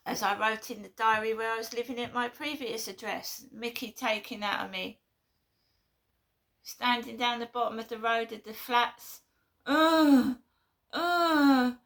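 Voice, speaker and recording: A woman's voice: fairly high pitch, fairly even intonation, normal speed, bright, forceful tone. A woman vlogging in an indignant, rambling way with many fillers. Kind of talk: casual vlog monologue.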